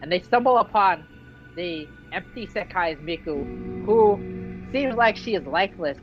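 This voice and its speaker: A vlogger casually recapping a game's story in an excitable, slangy way. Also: medium pitch, a little slow. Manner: excitable, slangy, acts out character quotes. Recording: dull lo-fi with faint music.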